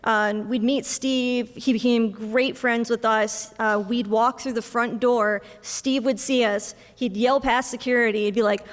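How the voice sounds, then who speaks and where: A young woman giving a memorial speech for her mother, telling family stories with soft laughs and acting out bits of dialogue. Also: a little high, steady tone, moderate pace, few pauses. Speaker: eulogy speaker, daughter of the deceased. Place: memorial service hall. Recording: long reverb of a large hall.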